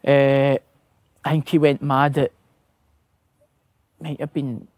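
A man's voice: mid-range voice, level tone, takes it slowly, darkish tone, dry recording. A Scottish man, a footballer guest, telling anecdotes with laughter, swearing and acted-out quotes. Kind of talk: casual storytelling.

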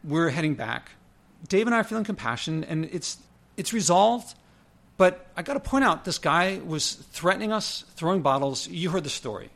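A man's voice: moderate pace, gravelly. A man casually telling a personal story, conversational with frequent fillers and self-corrections. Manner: lively, pitch jumps when quoting others. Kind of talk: casual spoken anecdote.

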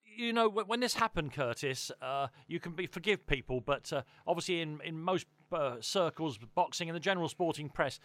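Halting higher-voiced male interviewer. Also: a bit bright, dry recording. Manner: halting, stumbles and restarts his questions. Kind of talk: interview questioning.

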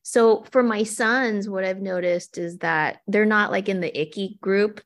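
A middle-aged woman, an actor and cartoonist, talking casually as an interview guest and telling animated stories. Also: mid-range voice, a little slow. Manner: animated storytelling with quoted asides.

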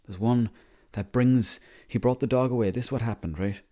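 Rambling, sweary Irishman with a mellow voice. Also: medium pitch, moderate pace. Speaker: comedy monologuist. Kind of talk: rambling comic monologue.

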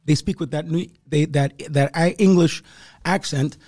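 A man, comedian and podcast host, chatting casually with animated bursts and quick laughs. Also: a little high, no room sound, clean studio sound. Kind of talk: casual chat.

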